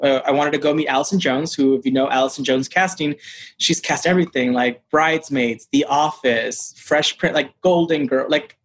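A man being interviewed as an actor, telling a story in a casual, animated way, full of "like" and "you know" and acting out what people said. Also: mid-range voice, moderate pace, slight background noise. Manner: animated, acts out quoted dialogue; frequent fillers like "like" and "you know". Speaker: actor guest.

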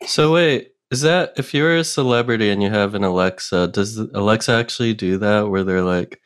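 A man's voice: fairly low pitch, moderate pace, few pauses. A man co-hosting a comedic call-in show over a video call, given to teasing remarks and rambling asides. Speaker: podcast co-host. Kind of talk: comedic banter.

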